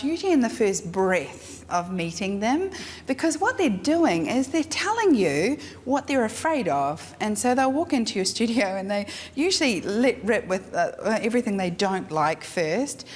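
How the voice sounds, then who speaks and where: A woman teaching a live photography workshop, frank and animated, acting out her clients. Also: mid-range voice, moderate pace, few pauses. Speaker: photography instructor. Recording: echoey room with faint noise.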